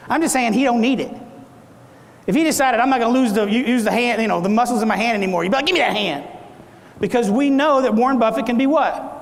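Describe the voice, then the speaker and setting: A middle-aged man giving a motivational talk at a conference, quizzing the audience and acting out different tones of voice. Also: high-pitched. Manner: animated, audience questions, acts out tones. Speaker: keynote speaker. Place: large conference hall. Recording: echoey hall.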